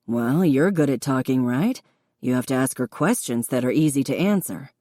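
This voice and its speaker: Patient, encouraging young man teaching cooking in an audiobook, read by a woman; low and dry. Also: animated, normal speed, dry recording. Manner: patient, encouraging, gently instructive.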